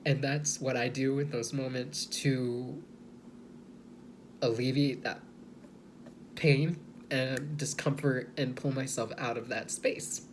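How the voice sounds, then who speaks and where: A man speaking slowly and hesitantly in a personal video monologue, softly and with many pauses and restarts. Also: medium pitch, fairly even intonation, slight background noise. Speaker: vlogger.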